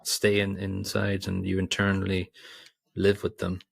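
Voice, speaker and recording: A man's voice: low-pitched, monotone, unhurried, creaky, no room sound, studio quality. A man co-hosting a podcast, chatting casually about a film with rambling restarts and asides. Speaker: podcast co-host. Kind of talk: casual film review chat.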